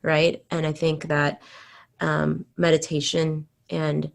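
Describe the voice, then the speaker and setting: Woman, interview host, low voice, monotone, thoughtful, hesitant. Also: slow, creaky. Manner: thoughtful, hesitant, with filler words. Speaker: podcast host.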